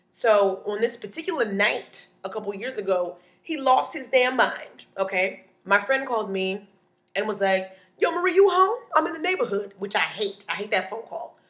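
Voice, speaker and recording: With a mid-range voice, a woman comedian tells a playful, lively stand-up story and acts out other people's voices along the way.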